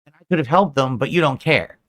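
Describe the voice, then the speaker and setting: A man's voice: medium pitch, fast. A man streaming, delivering a self-pitying, lecturing monologue to his viewers.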